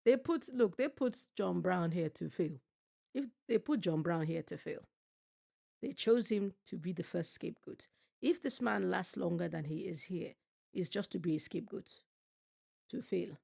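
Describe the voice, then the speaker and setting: A woman reacts to a TV show on her stream in a low, gravelly voice. She is blunt and profane, riffing on her own jokes and repeating lines for effect. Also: normal speed, mellow. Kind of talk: casual reaction commentary.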